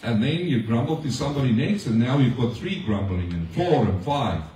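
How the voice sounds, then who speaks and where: A man's voice: medium pitch, animated, moderate pace, mellow, distant mic, a little hiss or hum. A male pastor giving a conversational sermon to his congregation, often asking them questions. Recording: echoey room, speaker off-mic.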